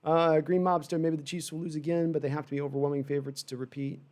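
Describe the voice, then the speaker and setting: A man hosting a fan livestream, giving rambling, animated live sports reaction with frustrated asides while reading chat. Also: on the high side, fast.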